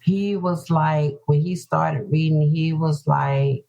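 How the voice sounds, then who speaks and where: A woman's voice: deep voice, steady tone, takes it slowly, gravelly, mellow. A woman author from North Carolina talking earnestly about her own hard journey in an interview, often repeating herself for emphasis. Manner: earnest, repetitive, heartfelt. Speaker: author guest. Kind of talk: emotional personal interview talk. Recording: dull lo-fi podcast audio.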